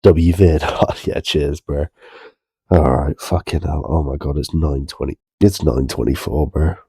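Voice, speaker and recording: A man's voice: a bass voice, fairly even intonation, unhurried, mellow, slightly rough, no room sound, studio quality. A man, rambling through casual reaction commentary on a headset mic, swearing and laughing through stories. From Worcester, English Midlands. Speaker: reaction streamer. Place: in bed at home.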